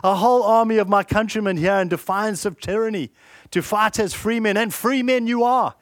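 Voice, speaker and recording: A man's voice: sits high, moderate pace, dry recording, clean studio sound, voice pushed up, natural voice. A man reciting the speech of a male warrior leader rallying his troops before battle, in a stirring, declaiming way. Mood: rousing.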